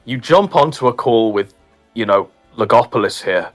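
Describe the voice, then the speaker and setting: Guy calling someone out on a voice call, lively pitch. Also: moderate pace, faint music behind. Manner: scolding, accusatory. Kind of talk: casual group voice chat.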